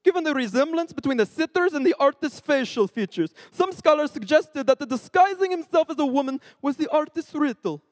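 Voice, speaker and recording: A man's voice: very high voice, expressive, fairly quick, hardly any pauses, no echo, in a large hall, voice pushed up. A man reading a text aloud in a playful put-on Italian accent, stumbling now and then.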